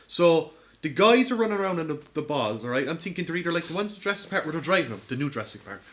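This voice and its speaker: A man co-hosting a podcast in casual chat, spinning an excitable, profane story. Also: on the high side, racing. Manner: animated, excitable storytelling with lots of swearing. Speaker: podcast co-host.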